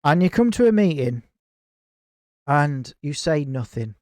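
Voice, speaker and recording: A man's voice: a little high, a little slow, no room sound. A man, a podcast guest telling a heated story in casual chat, swearing a lot and acting out what others said. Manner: animated, heavy swearing, acts out others' lines. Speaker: podcast guest, gaming clan founder.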